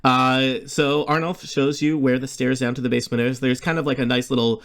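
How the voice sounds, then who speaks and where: A man narrating as game master of a tabletop game, halting often with filler sounds. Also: medium pitch, flat delivery, fairly bright tone.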